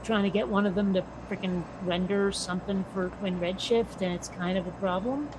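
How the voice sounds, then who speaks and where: An American woman co-hosting a casual chat, blunt and quick to swear. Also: medium pitch, steady tone. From United States. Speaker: podcast co-host. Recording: noisy background.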